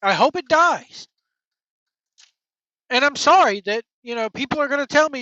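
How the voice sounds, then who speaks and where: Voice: high-pitched, expressive, measured pace, pauses often, pushed and bright, no echo. A wrestling podcast host on an angry, profane opinion rant, blunt and heated. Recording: dull lo-fi dry recording.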